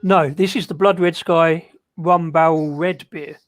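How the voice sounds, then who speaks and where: A middle-aged man chatting casually, easygoing and a bit halting. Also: fairly high pitch, fairly even intonation, soft background music. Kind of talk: casual chat.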